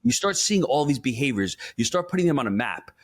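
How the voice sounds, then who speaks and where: A husky, medium-pitched male voice, slightly fast, belongs to a money coach being interviewed conversationally on a podcast. Animated and emphatic, he mixes storytelling with coaching advice.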